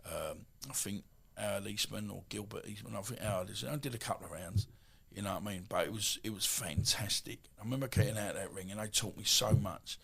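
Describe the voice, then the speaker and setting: A man in his fifties with an Essex accent, telling stories as a podcast guest in a rambling, animated way with many asides. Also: lowish voice, gravelly, slightly rough. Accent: Essex English. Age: 50s. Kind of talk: casual storytelling.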